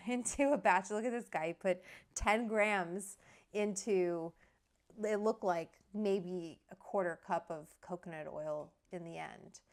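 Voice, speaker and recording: Chatty woman streaming from home, reads comments aloud, mid-pitched voice. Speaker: livestream host. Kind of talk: casual livestream chat. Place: at home with her dog.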